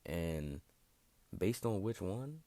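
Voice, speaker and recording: A man's voice: sits low, big pitch swings, extremely slow, warm tone, no room sound. A young man hosting a video, talking in a casual, profane and rambling way that gets worked up at times. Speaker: video host. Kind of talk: casual monologue.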